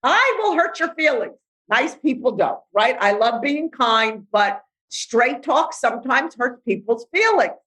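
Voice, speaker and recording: Woman, middle-aged, blunt straight talk, fairly high voice, lively delivery. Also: a little slow, low-quality recording. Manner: blunt, animated, acts out inner voices. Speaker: life coach guest. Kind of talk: podcast interview.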